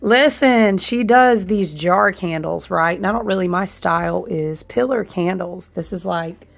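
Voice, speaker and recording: Woman, hoarse, husky smoky voice, low and gravelly, casual chat to camera, animated and informal. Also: a little slow. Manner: chatty, animated, says "y'all" and "listen" often. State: hoarse, voice recovering. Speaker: candle and ritual tool maker.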